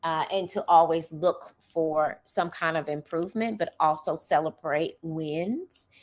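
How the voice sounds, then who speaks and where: A middle-aged woman who teaches hosts a podcast as a casual monologue, speaking earnestly and with emphasis while often checking in with an "okay?". Her voice is low-pitched and unhurried.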